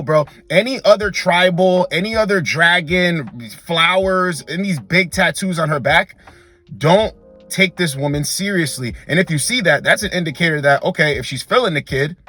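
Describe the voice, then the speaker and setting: A man's voice: fairly high pitch, moderate pace, sharp tone, faint music behind. A young man hosting a dating advice monologue, blunt and emphatic, repeatedly calling the listener bro. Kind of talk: direct-to-camera advice monologue.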